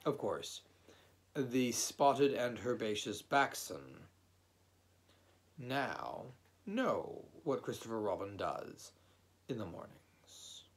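A man narrating a children's storybook at a slow, easy pace. His voice has a lively, lilting melody, and he reads in a gentle, unhurried way. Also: medium pitch. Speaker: audiobook reader.

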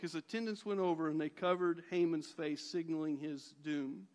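A man's voice: fairly high pitch, fairly even intonation, normal speed, few pauses, a little mellow. A male pastor retelling a Bible story in a sermon, animatedly acting out the characters' voices.

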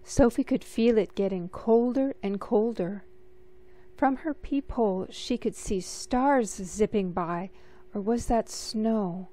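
A woman reading a picture book aloud in a gentle, measured storytelling manner. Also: medium pitch. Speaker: storybook reader.

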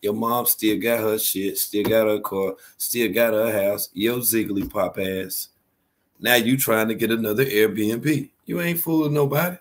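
A man's voice: lowish voice, unhurried, a little hiss or hum. A man hosting a stream and mockingly roasting someone, with scornful insults and laughter at his own jokes.

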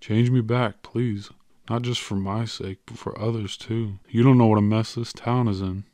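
Male reader doing a desperate man begging to undo his wish, low voice, urgent. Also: completely flat delivery, unhurried, darkish tone, clean tone, no echo, lightly acted. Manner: pleading, urgent. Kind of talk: audiobook character voice.

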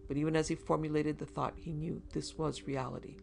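Guy narrating a creepy story, a bit high voice, gravelly fry, even steady reading. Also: brisk, a little hiss or hum. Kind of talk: scripted horror story narration.

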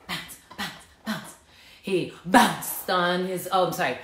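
A woman teacher doing an animated, interactive children's read-aloud, coaxing the listeners to join in. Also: lowish voice, slow pace. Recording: echoey room.

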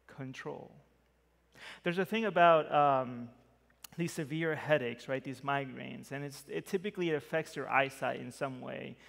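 A male pastor with a slightly high voice preaches in a conversational way, giving key words lively emphasis. The long reverb of the church sanctuary carries his voice off as it trails away.

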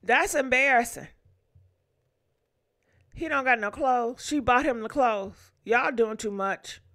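Sassy high-voiced woman commentator. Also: slow, pushed and bright. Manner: sassy, blunt slang. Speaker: commentary host. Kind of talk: reaction commentary.

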